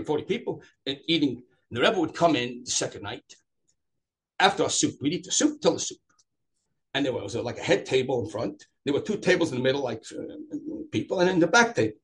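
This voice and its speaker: A man telling personal stories at a memorial, animated, acting out the quoted lines and often restarting and digressing. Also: medium pitch, slightly rough. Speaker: storyteller at a memorial gathering. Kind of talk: emotional personal storytelling.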